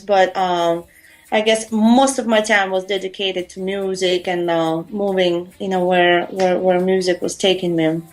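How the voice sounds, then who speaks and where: A woman's voice: medium pitch, a little mellow. A woman from Europe, a musician guest on a radio show, telling stories in a chatty, rambling way with many fillers. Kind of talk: casual radio interview storytelling.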